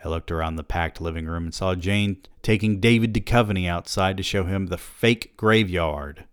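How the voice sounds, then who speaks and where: A man with a very low voice reads a novel aloud for his podcast, dry and wry. He breaks in now and then with his own asides. The recording is close and dead, with no room sound. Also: moderate pace, clear, resonant tone, dry recording.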